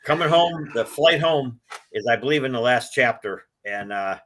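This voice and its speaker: A man in his sixties, a book author, telling his life story in an interview, with an animated delivery that swells when he is moved. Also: medium pitch, moderate pace, noisy background. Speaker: author guest.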